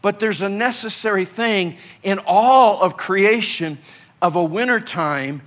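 A male pastor from Illinois, preaching an animated sermon that swings between loud urgency and quiet, hushed moments. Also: sits high, a little slow.

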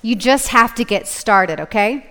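A woman's voice: fairly high pitch, lively intonation, measured pace, pushed and bright. Woman teaching a Bible study in an echoey hall. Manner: casual, laughing, keeps checking in with "okay?". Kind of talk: live teaching talk to an audience. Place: large hall with a live audience.

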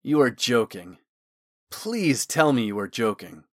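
A man's voice: medium pitch, lively intonation, moderate pace, no room sound, clean studio sound, lightly acted. A man reading the lines of a caring older-brother figure in an audiobook, teasing yet firm. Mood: playful firm.

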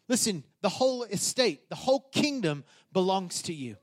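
A man's voice: high-pitched, very animated, moderate pace. A middle-aged man, a pastor, preaching a conversational sermon that climbs to emphatic peaks.

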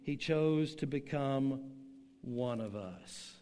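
An older man preaching a sermon, telling a story slowly and emphatically with dramatic pauses, to a church room and an online audience. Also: mid-range voice, mellow. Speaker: pastor. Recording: long hall reverb.

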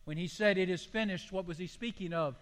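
A man's voice: high voice, a little fast. An older man, a pastor, preaching a sermon in a folksy, storytelling way with homely illustrations. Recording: long hall reverb.

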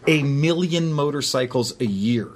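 A man's voice: medium pitch, measured pace, a crowd in the background. A man chatting casually as a podcast host, telling stories with lots of energy and swearing freely. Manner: animated storyteller, swears freely. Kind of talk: casual chat.

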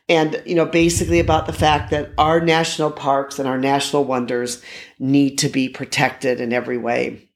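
Rambling man, slightly high voice. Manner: rambling, with many fillers and restarts. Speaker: host. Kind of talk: casual narration.

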